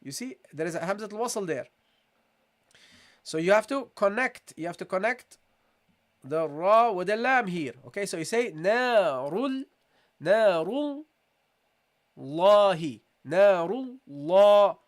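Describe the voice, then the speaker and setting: Patient man teaching recitation, drawn-out syllables. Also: high voice, expressive, fairly bright tone. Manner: explains step by step, drawing out syllables slowly as models; often says "okay" and addresses listeners as "guys". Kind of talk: tajweed lesson.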